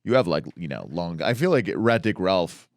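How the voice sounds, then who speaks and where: A man's voice: sits low, very animated, moderate pace, dry recording, studio quality. A man co-hosting a comedic podcast, laid-back and rambling with frequent restarts. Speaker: podcast co-host. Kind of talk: comedic casual chat.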